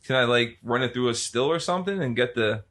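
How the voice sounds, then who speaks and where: Brief: middle-aged male co-host, bright forceful tone, casual and profane. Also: mid-range voice, animated, quick pace. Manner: loose, profane, enthusiastic. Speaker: podcast co-host. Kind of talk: casual chat.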